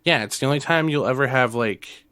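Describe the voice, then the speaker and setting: A young man co-hosting a casual podcast chat, animated and quick to laugh, retelling films with energy. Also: clean tone, dry recording. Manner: animated, laughs often, breaks into high squeaky impressions. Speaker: podcast co-host.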